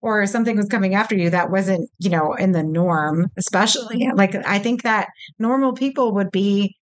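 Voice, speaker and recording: Woman, mid-pitched voice, chatty, filler-heavy, laughs easily. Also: normal speed. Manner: chatty, lots of likes, swears and laughs easily. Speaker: podcast co-host. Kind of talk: casual chat.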